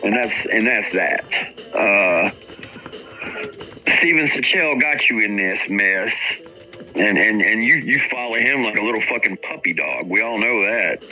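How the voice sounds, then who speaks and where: A man's voice: on the low side, a little slow, sharp tone, faint music behind, low-quality recording. A man hosting a stream, ranting with mocking, profane commentary about other people. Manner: combative, mocking, swears constantly. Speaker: streamer host.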